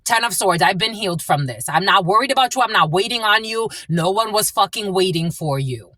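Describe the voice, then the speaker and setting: With a mid-range, slightly bright voice, a woman reads tarot briskly and expressively on a dry recording. Her anger shows as she swears freely and circles back to the same blunt lines.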